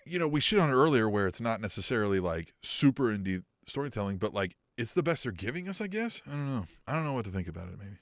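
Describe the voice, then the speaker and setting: A man's voice: fairly low pitch, fast, few pauses, no echo, studio quality. A man co-hosting a casual wrestling talk podcast, swearing freely, laughing and acting out quoted lines. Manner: animated, swearing, laughs a lot, acts out quotes. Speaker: co-host.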